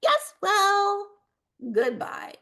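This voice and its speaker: A woman voicing a shy, gentle young boy crocodile who talks in a soft, hesitant way. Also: very high voice, huge pitch swings, very slow, pitched above the performer's own voice, heavily acted. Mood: unsure.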